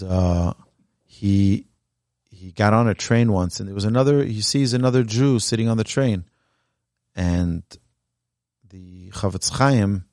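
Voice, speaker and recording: Earnest rabbi, lower voice, dry sound. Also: male voice, darkish tone, no room sound. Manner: earnest, exhortative, tells stories with emphatic rises. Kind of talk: Torah class talk with storytelling. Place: Torah learning center, indoors. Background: live audience present.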